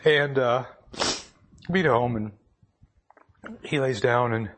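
A man's voice: mid-range voice, slow, a bit bright, a little hiss or hum. A man giving a devotional talk to a gathering from up front, telling a personal story in a conversational, plainspoken way and reading scripture aloud.

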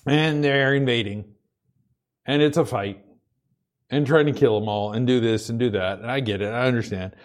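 A man from the Pacific Northwest, a pastor, preaches conversationally with a medium-pitched voice at a moderate pace. Starting sentences, he often repeats and stumbles over words as his points build, and he laughs between them.

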